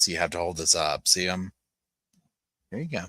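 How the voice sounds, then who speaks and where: Low-voiced guy doing a chill livestream from home, chatty and cooing at his pups, bright sharp tone. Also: animated, normal speed, dry recording. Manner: chatty, coos softly to his puppies. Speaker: livestream host. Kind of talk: casual livestream chat.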